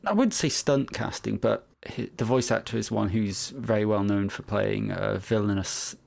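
A man's voice: on the low side, normal speed, creaky, darkish tone. A man co-hosting a podcast, chatting casually and musing aloud with frequent hesitant restarts. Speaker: podcast co-host. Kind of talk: casual review chat.

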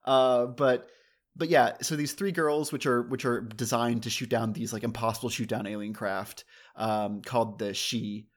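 A man's voice: medium pitch, steady tone, moderate pace. Rambling casual man reviewing anime. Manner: rambling, filler-heavy, self-mocking. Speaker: podcast co-host reviewing anime. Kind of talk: casual chat.

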